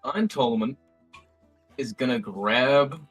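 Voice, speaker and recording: A man's voice: medium pitch, slow, fairly bright tone, slightly rough, soft background music. Man playing a tabletop game character. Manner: describes his character's actions in third person. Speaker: player.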